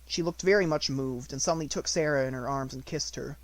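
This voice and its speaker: A man reading an unabridged audiobook in measured storytelling narration. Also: mid-range voice.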